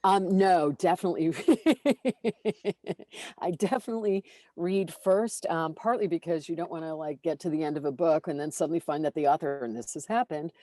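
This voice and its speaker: A woman who narrates audiobooks, talking casually in an interview, animated and self-deprecating, with lots of fillers and restarts. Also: low-pitched, moderate pace, no echo.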